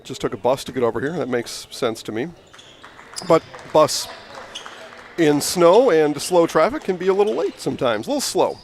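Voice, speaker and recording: A man doing play-by-play for a high school basketball game, chatty and prone to rambling, opinionated asides, speaking from a gym broadcast booth. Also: big pitch swings, moderate pace. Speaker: play-by-play announcer. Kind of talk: sports commentary. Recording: noisy gym audio with ball bouncing.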